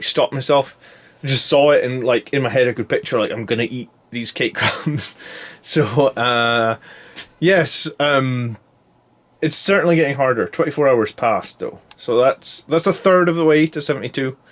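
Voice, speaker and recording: A man in his thirties talks through a casual video diary, worn out and foggy after a long fast. He rambles along, keeps restarting his sentences and loses his thread in places. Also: mid-range voice, fairly bright tone. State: tired and foggy from fasting. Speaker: YouTube channel host.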